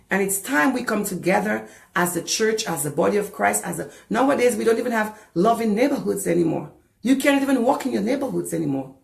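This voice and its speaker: A woman's voice: on the high side, vocal fry, echoey room. A woman from the Caribbean preaching a sermon as a pastor, passionate and repeating phrases for emphasis. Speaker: pastor and deliverance minister.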